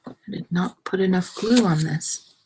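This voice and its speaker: A woman's voice: on the low side, unhurried, background noise. A young adult woman hosting a casual crafting livestream, chatty and self-deprecating, trailing off mid-sentence as she works with her hands.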